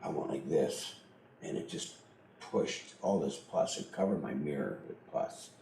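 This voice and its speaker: A man's voice: rumbling low, lively intonation, a little slow, gravelly, mellow, reverberant, a little hiss or hum, rough recording. A middle-aged man telling a personal story in a blunt, profane way, laughing often as he goes. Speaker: interviewee.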